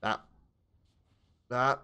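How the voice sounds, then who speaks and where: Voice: extremely slow, sharp tone. A solo player giving casual gameplay commentary, talking to themself, playful with gasps and sing-song noises, and grumbling under their breath when frustrated. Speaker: solo game streamer.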